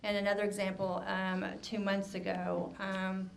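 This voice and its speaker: A woman moderating a press conference, speaking in an even, measured way. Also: mid-range voice, vocal fry, a little hiss or hum.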